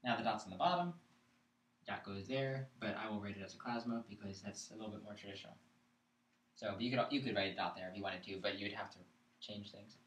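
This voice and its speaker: A man's voice: lowish voice, quick pace, fairly bright tone. A man teaching a chant class, explaining patiently and checking in with his students. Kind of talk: live classroom lesson. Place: classroom, live-streamed. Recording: echoey room, mic far off.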